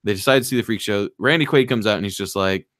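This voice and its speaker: Man, podcast host, fairly low voice, rambling casual movie recap, dry close sound. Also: no echo. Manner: rambling, animated, drops into quick voices for movie characters. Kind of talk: casual chat, retelling a movie plot.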